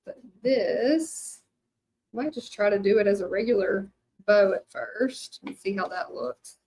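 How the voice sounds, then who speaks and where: A woman's voice: mid-range voice, a little slow, a little mellow. A middle-aged woman from Louisiana with a Southern accent, chatting casually with viewers while crafting, rambling with many fillers. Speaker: hand-lettering artist. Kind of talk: casual craft livestream chat.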